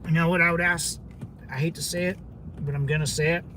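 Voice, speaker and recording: A man in his thirties talks in a rambling, profane livestream chat, full of fillers and side tracks. His voice sits high for a man. Loud traffic and road noise from outdoors run behind him the whole time. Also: fairly even intonation, fast talker. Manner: loose, profane, digressive talk with frequent fillers. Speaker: channel host, Marine veteran.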